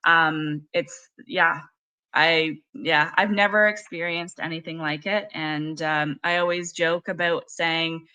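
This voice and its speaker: A woman's voice: low voice, steady tone, slow, pushed and bright, clear, resonant tone. A woman hosting a casual interview, talking with enthusiasm and plenty of filler words. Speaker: podcast host.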